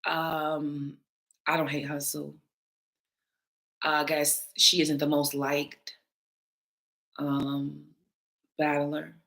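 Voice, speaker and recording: Low-voiced, forceful woman commentator. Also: monotone, extremely slow, creaky, long pauses. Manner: blunt, emphatic, swears freely. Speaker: battle rap panelist responding to viewer comments. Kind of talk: candid casual commentary.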